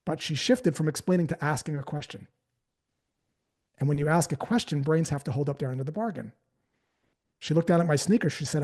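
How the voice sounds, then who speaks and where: A man's voice: fairly high pitch, fairly quick, dark tone. A man giving a live sales training talk, casually telling stories and acting out the conversations in them.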